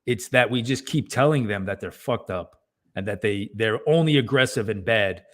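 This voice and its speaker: A man's voice: on the low side, moderate pace, a bit bright. Earnest man co-hosting a fatherhood podcast. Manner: earnest, emphatic, frequent "right?" asides. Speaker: podcast co-host. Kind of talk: casual podcast chat.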